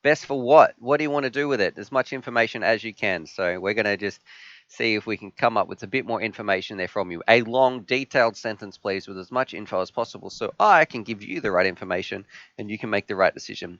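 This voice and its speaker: Australian man, live stream host, lowish smooth voice, dry slightly muffled audio, casual q&a. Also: fairly quick, a bit bright, dry recording. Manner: upbeat, reads viewer questions aloud and answers them.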